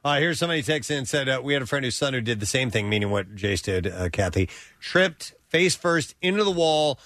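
A man's voice: mid-range voice, brisk, no echo, studio quality. A man hosting a morning radio call-in show, chatting casually and taking callers. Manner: relaxed, takes calls, brief responses.

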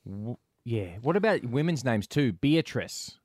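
A man's voice: mid-range voice, big pitch swings, unhurried, dry recording, studio quality. A man with an Australian accent hosting a radio show, chatting playfully and laughing with callers. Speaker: radio host. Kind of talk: casual radio chat with callers.

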